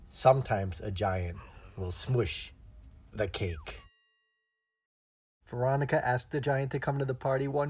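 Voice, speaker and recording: A male storyteller telling an interactive story to young children, animated and expressive, asking the children questions. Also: on the high side. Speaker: storyteller and illustrator.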